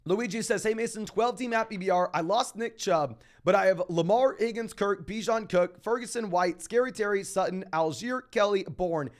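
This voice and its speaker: A young man hosting a casual fantasy football Q&A, reading out viewer questions and answering them in a quick, emphatic way. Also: high voice. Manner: fast, emphatic, calls listeners "my man". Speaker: fantasy football podcast host.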